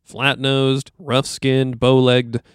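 A man reads through lore notes on a casual podcast in an even way. His voice is smooth and clear at a middle pitch. The recording is dry and close. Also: slow pace, dry recording. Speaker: podcast co-host. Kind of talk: casual chat.

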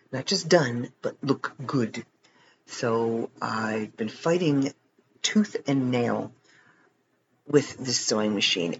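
A man's voice: medium pitch, highs cut off, slight background noise. A man hosting a podcast late at night, tired and rambling, chatting casually with self-deprecating jokes and frequent chuckles. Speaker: podcast host. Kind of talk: casual chat.

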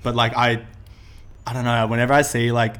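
A man's voice: medium pitch, level tone, brisk, a bit bright. A young man, chatting casually and telling stories with many fillers. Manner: rambling storytelling full of fillers. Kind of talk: casual chat.

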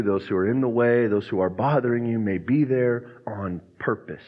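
A man's voice: mid-range voice, normal speed, few pauses. A man preaching a sermon as pastor, earnest, now and then acting out quoted voices. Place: church sanctuary. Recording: muffled sound with long church reverb.

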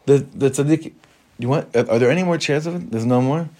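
A man's voice: mid-range voice, fairly quick, a little mellow. A man, a rabbi giving an informal Torah class in a conversational way, mixing Hebrew terms into his English and putting questions to the room.

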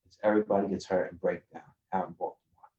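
A man from Queens, a podcast guest telling rough street stories in a swaggering, profane way over a video call. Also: deep voice, level tone, fast, phone-quality sound. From Queens, New York. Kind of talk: casual storytelling.

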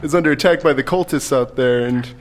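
A man's voice: mid-range voice, quick pace, very noisy, natural voice. A man voicing a stuffy, formal male town governor who answers evasively.

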